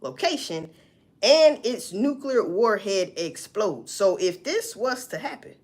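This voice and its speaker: A woman riffs on a news report for her audience, swearing freely and asking and answering her own questions. Her pitch swings widely as she talks. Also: takes it slowly. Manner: profane, animated, talks back to herself. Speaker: vlogger reacting to news. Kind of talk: casual news commentary.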